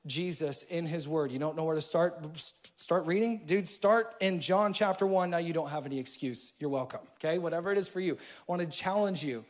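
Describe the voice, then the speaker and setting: A man in his thirties preaching a sermon in a church, casual and energetic, with slang. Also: a little high, fairly quick, hardly any pauses. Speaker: pastor.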